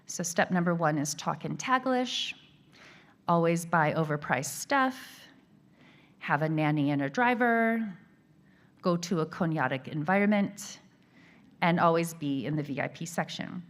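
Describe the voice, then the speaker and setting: A woman gives a keynote lecture in a fairly low voice. She reads from a prepared text in a measured, academic way, with the odd filler. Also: animated. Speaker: keynote speaker.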